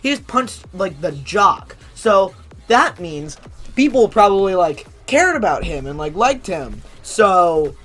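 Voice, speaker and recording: A man's voice: high voice, big pitch swings, slow pace, a bit bright. A man reading posts from the internet aloud and mocking them in a sarcastic, incredulous way, often laughing. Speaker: commentary YouTuber. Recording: faint background music.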